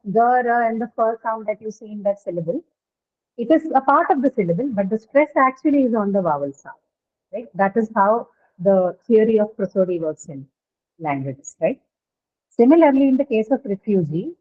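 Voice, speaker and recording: Woman teacher, higher voice, patient explaining, thin phone-like sound. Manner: explanatory, asks "right?" often. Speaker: English teacher. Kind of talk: online phonetics lesson. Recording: tinny online call audio.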